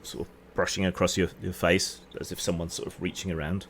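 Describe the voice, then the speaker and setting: Male game master, low voice, unhurried scene-setting narration. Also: slight background noise. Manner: relaxed, descriptive, hedging with "sort of". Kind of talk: narrating a tabletop game online.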